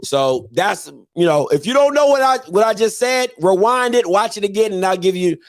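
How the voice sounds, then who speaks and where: A high-voiced man hosts a live sports call-in show, hammering his points home with lots of repetition. His pitch jumps all over as he argues, and the sound is close and dry with no room to it. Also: expressive, moderate pace, dry recording. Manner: emphatic, repeats points, argues insistently. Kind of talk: casual live sports talk.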